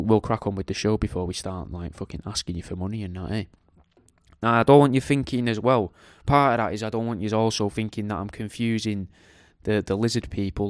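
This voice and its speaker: A man's voice: on the low side, darkish tone, no room sound. Male podcast host, rambling and jokey, resonant voice, close dry sound. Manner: rambling, jokey, sweary, slangy. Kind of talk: casual monologue.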